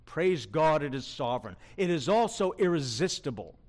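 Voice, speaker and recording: A man's voice: a little high, very animated, normal speed, a little mellow. A male preacher giving an emphatic sermon, asking his listeners rhetorical questions.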